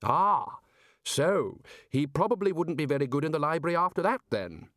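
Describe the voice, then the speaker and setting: A man voicing a blustery elderly head wizard in an audiobook, loud, bluff and impatient. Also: a little high, sing-song, moderate pace, dry recording, studio quality, pitched above the performer's own voice.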